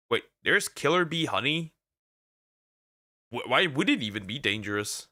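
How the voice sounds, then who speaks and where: A man's voice: medium pitch, lively intonation, measured pace, sharp tone, no room sound, clean studio sound. A man streaming as a VTuber, rambling and stammering through jokey reaction commentary. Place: lives in Germany.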